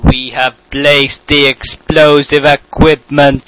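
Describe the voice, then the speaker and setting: Flat, slow-spoken man. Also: a little high, a little hiss or hum, poor audio.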